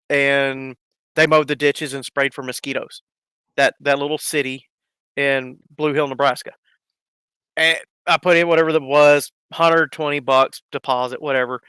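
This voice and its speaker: A man's voice: a little high, sharp tone, clean tone, dry recording. A man casually telling rambling stories on a live stream, laughing and acting out the people in them. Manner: rambling, laughing, acts out voices in his stories. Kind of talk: casual storytelling.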